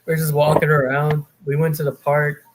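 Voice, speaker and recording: A man's voice: fairly high pitch, completely flat delivery, normal speed, background noise. Laid-back profane podcast man. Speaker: podcast co-host. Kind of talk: casual chat.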